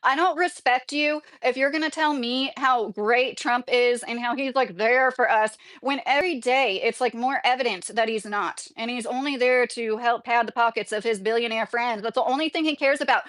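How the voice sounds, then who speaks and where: A woman's voice: a little high, moderate pace, few pauses, fairly bright tone. A woman in her late thirties, a YouTuber ranting casually to camera, indignant and rambling with restarts and frequent fillers. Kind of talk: casual political rant to camera, reading comments.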